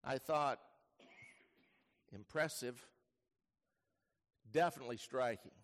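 A male pastor preaching a sermon, telling the story vividly, dropping to hushed lines and rising to loud bursts. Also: medium pitch, slow pace. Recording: long reverb of a large hall.

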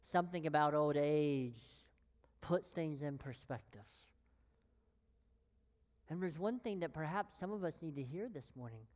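Slow, low-voiced woman preaching. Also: animated, darkish tone, big-room sound. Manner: slow, emphatic delivery with long pauses, dropping to a whisper on key phrases. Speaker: pastor. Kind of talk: sermon.

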